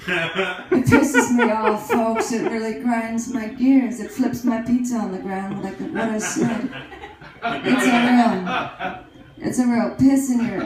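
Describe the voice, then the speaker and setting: In this stand-up character piece, a woman takes on the role of a self-dramatizing, vain aging female celebrity hosting a comedy show, rambling crudely and brassily onstage. Her fairly high voice stays close to everyday speech, and the live room is very echoey.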